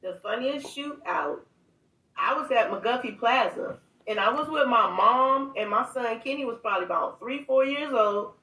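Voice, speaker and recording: A middle-aged woman, a guest author, telling stories with lots of laughter and then reading her own poem in a low, intense voice. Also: normal speed. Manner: animated, laughing storyteller, drops to a low intense voice for poetry. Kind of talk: storytelling and poetry reading. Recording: echoey room, voice from a distance.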